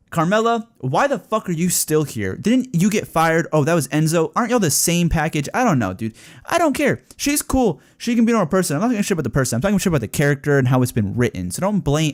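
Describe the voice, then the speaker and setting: Profane, opinionated young man ranting. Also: a little high. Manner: profane, opinionated, rants and gets excited. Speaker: wrestling podcaster. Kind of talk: casual solo commentary.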